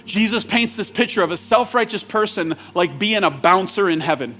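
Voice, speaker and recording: Man preaching a lively, conversational sermon. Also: high-pitched, moderate pace, few pauses, soft background music. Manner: conversational and urgent, building to emphatic peaks. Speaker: pastor. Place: church sanctuary.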